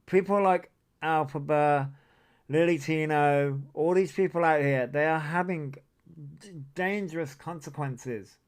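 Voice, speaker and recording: A man's voice: a little high, a little slow, smooth. A man hosting a casual livestream, rambling off on tangents and swearing often. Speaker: livestream host. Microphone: desk mic that picks up a lot.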